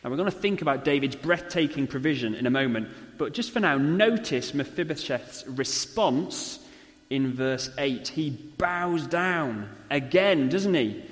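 A man's voice: a little high, expressive, measured pace. A man preaching a sermon in a conversational way, often ending points with tag questions, recorded. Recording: long hall reverb.

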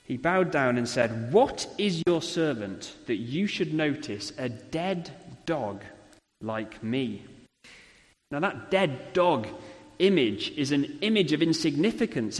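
A man preaching a sermon in a conversational way, often ending points with tag questions, recorded. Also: on the high side. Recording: long hall reverb.

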